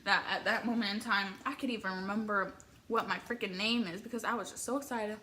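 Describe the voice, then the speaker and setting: A young woman from the Midwest telling an excitable, rambling story with many filler words while eating on camera. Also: medium pitch, brisk, a little hiss or hum. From American Midwest. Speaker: vlogger.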